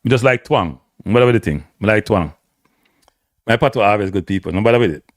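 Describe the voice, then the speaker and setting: A Jamaican man talks on a live stream, blunt and opinionated, his pitch jumping up and down as he gets worked up. He swings between thick patois and standard English. The sound is close and dry, with hardly any room around it. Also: expressive, fast talker, dry recording. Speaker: host. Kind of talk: casual live-stream commentary.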